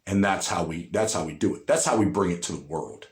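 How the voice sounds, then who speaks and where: A man's voice: low-pitched, brisk, roomy sound. A man giving blunt, profane political commentary, ranting with emphasis and repeating lines for punch.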